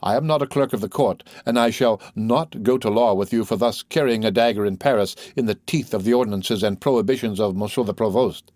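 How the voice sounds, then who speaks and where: A man's voice: lowish voice, brisk, hardly any pauses, darkish tone, no echo, studio quality, natural voice. A man voicing a young male poet who is gallant, wordy and pleased with himself, speaking in a theatrical, musing way. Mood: rueful, reasoning.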